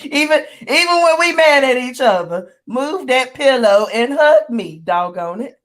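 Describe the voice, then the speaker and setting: A woman co-host speaks in with a fairly high and very lively voice. Her manner is playful and full of exclamations. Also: a little slow. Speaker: podcast co-host. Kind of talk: casual chat.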